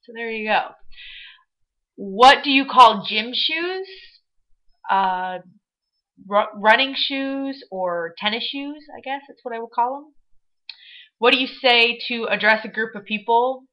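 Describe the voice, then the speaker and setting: Here the Michigan vlogger speaks on the high side, slowly and with long pauses, though still casual and bubbly with frequent fillers in her Midwestern American accent. It's recorded on dull lo-fi webcam audio.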